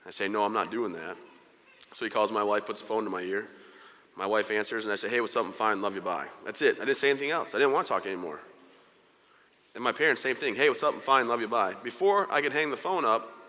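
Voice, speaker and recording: A man with a bright, forceful voice delivers a motivational talk at a brisk clip. He tells his story with jokes and plays the other people in it. The sound carries a long hall reverb. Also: fairly low pitch. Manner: storytelling with humor, quoting others in character. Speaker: motivational speaker. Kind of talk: motivational keynote speech. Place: large hall before an audience.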